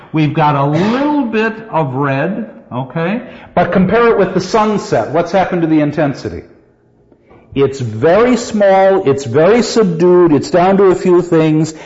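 A male literature teacher lecturing a class on poetry, putting questions to the students and reading verse lines slowly. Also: on the high side, a little mellow. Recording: echoey hall, dull lo-fi sound.

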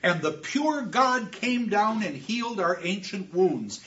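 A man's voice: sits high, very animated, pushed and bright, recorded from a distance, dull audio, pitched above the performer's own voice, heavily acted. A man intoning a solemn chorus. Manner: slow, chanting repetition. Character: solemn chorus of elders, insistent.

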